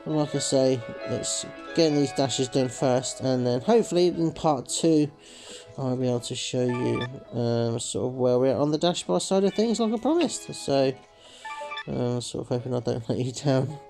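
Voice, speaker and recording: A man's voice: medium pitch, moderate pace, gravelly, over music, low-quality recording. A man hosting a slot game video, rambling casually to viewers with lots of "sort of" fillers and calling them folks. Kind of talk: casual gameplay commentary.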